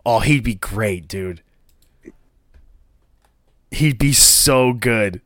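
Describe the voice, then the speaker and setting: A man co-hosting a casual chat, animated and enthusiastic, laughing often. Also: on the low side, very slow, no room sound, studio quality. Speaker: podcast co-host.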